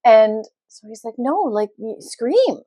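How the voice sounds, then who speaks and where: A woman's voice: on the high side, slow, no echo. Woman, podcast host, casual storytelling, laughs a lot, dry close sound. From Canada. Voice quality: loud laugh. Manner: animated, laughs often, acts out quotes.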